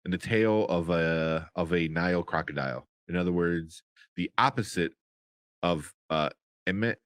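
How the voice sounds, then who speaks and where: A man co-hosting a podcast, recapping a TV episode in a rambling, casual way that turns animated when he gets excited. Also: deep voice, moderate pace, dry recording, clean studio sound. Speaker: podcast co-host.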